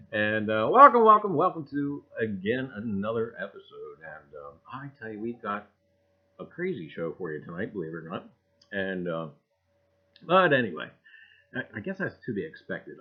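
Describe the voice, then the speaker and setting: Lively high-voiced male livestream host. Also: lo-fi sound. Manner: exuberant, repeats greetings, swings between loud and mumbled. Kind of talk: casual livestream greetings.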